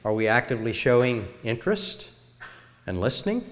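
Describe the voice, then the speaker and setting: A middle-aged man giving a sermon-style talk to a church congregation in a measured way, illustrating his points. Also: medium pitch, sing-song, a little hiss or hum. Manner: measured, demonstrates tones of voice. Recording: long reverb of a large hall.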